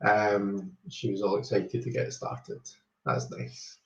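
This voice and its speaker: A man's voice: on the low side, steady tone, slow. A Scottish man hosting a tarot live stream, greeting viewers one by one in a rambling, casual chat full of ums. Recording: roomy, slightly dull home stream audio.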